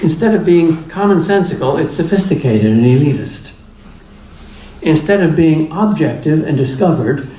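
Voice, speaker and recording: A man's voice: fairly high pitch, lively intonation, normal speed, warm tone. A man giving a public lecture in a plainspoken, humorous way, driving points home through repetition. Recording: echoey room with faint ambience.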